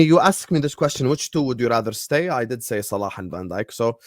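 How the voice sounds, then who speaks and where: A man on a football fan panel, talking in a casual, animated debate style with lots of fillers and repeats. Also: medium pitch, a little fast, no room sound, studio quality.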